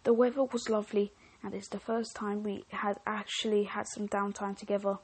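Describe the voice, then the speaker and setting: Breathy, chatty woman host. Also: medium pitch, level tone, moderate pace. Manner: chatty, self-interrupting, joking asides. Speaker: podcast host. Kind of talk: reading online stories with commentary.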